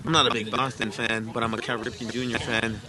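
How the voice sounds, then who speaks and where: A man's voice: medium pitch, little pitch movement, quick pace, a crowd in the background. A man trading sports stories and jokes as a co-commentator at an outdoor kickball game. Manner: joking anecdotes, doing silly impressions. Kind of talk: casual sports banter.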